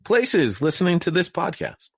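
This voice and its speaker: A man's voice: big pitch swings, normal speed, breathy edge, no room sound. An American man hosting a casual sports podcast, joking around and reading stats off a sheet. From United States. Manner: jokey, reads stats off a sheet, often trails off lower. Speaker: podcast host.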